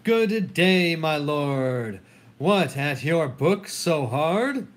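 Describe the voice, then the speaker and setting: Sly scheming duke read by a guy, slow mocking verse. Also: fairly high pitch, lively intonation. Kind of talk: solo dramatic reading of a play.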